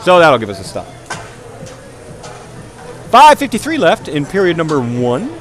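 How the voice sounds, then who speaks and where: High-voiced guy doing play by play for ball hockey, super lively pitch, tired but jokey. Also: measured pace, faint music behind. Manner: joking, self-mocking, rising excitement on goals. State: tired after hours of calling games. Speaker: play-by-play commentator.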